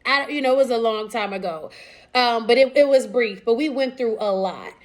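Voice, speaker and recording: Woman, 30s, fairly high pitch; candid storytelling with restarts and fillers. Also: moderate pace. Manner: casual, candid, many fillers and restarts, quoting others. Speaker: vlogger sharing personal story.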